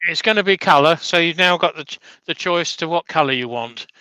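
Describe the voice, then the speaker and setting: A man talking casually through a woodturning livestream, joking dryly as he works. His voice is bright and very clear, and it sits a little high for a man. The sound is close and dry. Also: a little fast, no room sound, poor audio.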